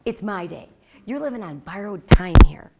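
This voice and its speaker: A woman quoting God as he gently and firmly corrects her, in a calm, steady voice. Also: mid-range voice, normal speed, creaky, very noisy. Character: God speaking gently to the speaker.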